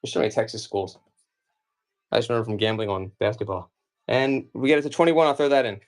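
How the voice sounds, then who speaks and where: A man's voice: lowish voice, fast. A man in his forties from the United States, rambling casually through a live-stream comic auction with lots of fillers and asides. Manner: rambling and chatty, many fillers.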